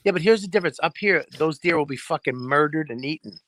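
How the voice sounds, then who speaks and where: A man with a fairly high voice, talking in a dry, close sound with crickets chirping behind him. He co-hosts a casual chat show and tells stories with lots of swearing, acting out noises as he goes. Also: quick pace, no room sound. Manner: profane, animated storyteller who mimics noises. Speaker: podcast co-host. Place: home in New Hampshire, crickets behind.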